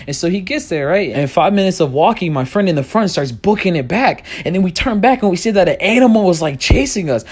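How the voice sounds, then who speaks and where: A young man telling comedic personal stories in an animated, punchline-driven way, swearing freely. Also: sits high, fairly quick, few pauses, breathy edge. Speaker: storyteller. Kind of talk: comedic storytime.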